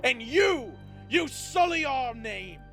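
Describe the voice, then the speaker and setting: A man voicing a proud, furious old father who runs his own establishment, booming threats at his son. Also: fairly even intonation, normal speed, a bit bright, natural voice. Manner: booming, threatening, then contrite. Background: faint background music.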